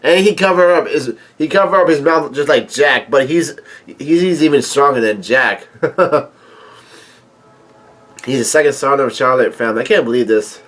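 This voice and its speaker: Reading a manga chapter aloud, a man reacts with enthusiasm but keeps pausing, using fillers and starting over. It's captured on a poor-quality home setup.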